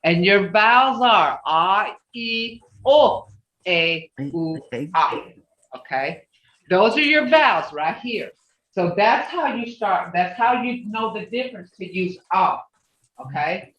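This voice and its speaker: A language teacher leading a class over a video call, explaining step by step, patiently and slowly, and correcting mistakes out loud along the way. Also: mid-range voice, lively intonation. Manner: self-correcting, with asides. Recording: roomy, distant, dull video call audio.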